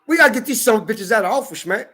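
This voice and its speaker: High, bright-voiced man ranting angrily. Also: lively intonation, rapid-fire, breathy edge. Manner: heated, profane, often shouting. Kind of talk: angry rant to camera. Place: California.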